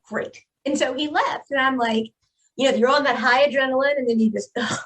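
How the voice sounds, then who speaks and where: Podcast guest, woman, higher register, emphatic and animated storyteller. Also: brisk. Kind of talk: personal storytelling in a podcast interview.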